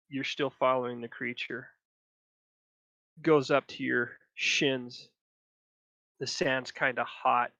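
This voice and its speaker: A man narrating a tabletop game as game master, slow and descriptive. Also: mid-range voice, pushed and bright, no echo.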